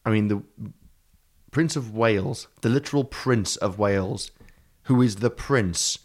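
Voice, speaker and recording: Lower-voiced man riffing profanely. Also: measured pace. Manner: rambling, improvised, profane. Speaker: podcast co-host. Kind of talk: casual comedic chat.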